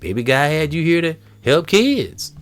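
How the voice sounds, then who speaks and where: A father speaks in a calm, steady voice in casual chat with his son. He lays out his advice in a measured way and encourages him. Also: on the high side.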